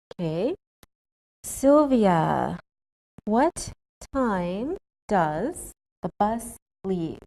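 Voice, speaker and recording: A woman teaching English in a scripted classroom lesson, speaking slowly and carefully with clear enunciation. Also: mid-range voice, a little mellow, poor audio.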